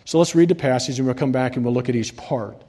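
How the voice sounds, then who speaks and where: A man preaching a sermon, swinging between loud, rising reading and quiet, dropped endings. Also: mid-range voice, fast, breathy edge. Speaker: pastor.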